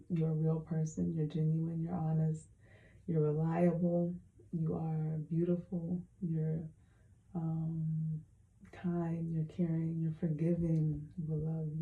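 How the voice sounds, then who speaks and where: A woman speaking a heartfelt personal message into her hand-held phone, soft and halting with many pauses, close to tears. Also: low voice, creaky, roomy sound, phone-quality sound. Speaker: vlogger.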